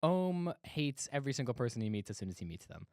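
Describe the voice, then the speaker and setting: A man's voice: mid-range voice, fast, no echo, studio quality. A man co-hosting a casual movie review podcast, laughing often while he recaps the plot. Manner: animated, laughing recaps with playful put-on quotes. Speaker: podcast co-host.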